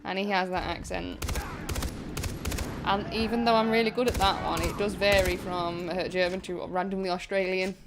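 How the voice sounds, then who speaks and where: A woman's voice: medium pitch, steady tone, normal speed, noisy background. Chatty Derbyshire woman streaming a game. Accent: Derbyshire-Yorkshire border. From Chesterfield, England. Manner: chatty, self-mocking, swears now and then. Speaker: gaming streamer. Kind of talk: casual let's-play chat. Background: game music.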